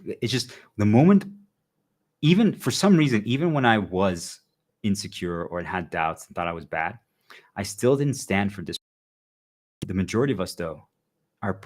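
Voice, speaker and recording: A man talking casually and earnestly to his viewers, rambling and often asking whether they understand. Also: low voice. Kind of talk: casual monologue to an audience.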